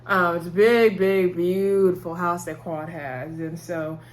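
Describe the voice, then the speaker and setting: A woman's voice: on the low side, fairly even intonation, measured pace. Chatty woman in her thirties recapping TV. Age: 30s. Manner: rambling and chatty, laughs often, addresses viewers as y'all. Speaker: TV show reviewer. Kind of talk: casual recap chat.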